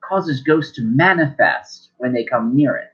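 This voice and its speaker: A man's voice: medium pitch, lively intonation, measured pace, close to an everyday voice. A man voicing a curious, questioning woman from a far mountain city in a tabletop game, speaking matter-of-factly. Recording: dull lo-fi sound.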